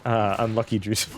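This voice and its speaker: An Australian man with a fairly low voice chats casually on a game live stream, rambling, chuckling often, and swearing offhandedly. A faint hiss or hum sits in the background.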